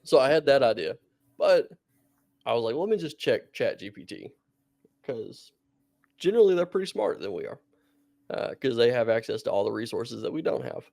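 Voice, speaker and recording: A man's voice: medium pitch, very animated, moderate pace, vocal fry, pauses often, darkish tone, no echo, studio quality. A man co-hosting a podcast, telling stories in a rambling, casual way and laughing often. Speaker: podcast co-host.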